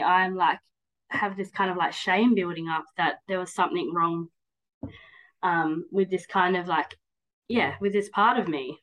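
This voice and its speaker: Her voice fairly low, fairly even and a bit bright, a woman in her 30s speaks a little slowly in a low-quality recording. As a podcast guest in casual interview chat, she opens up at length in a rambling way, full of "like"s and "um"s.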